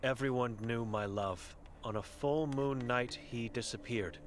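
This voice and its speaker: A man's voice: medium pitch, unhurried, slight background noise, natural voice. A man reading the chalkboard words of an old blind, mute woman in a game, in terse, broken phrases. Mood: grim.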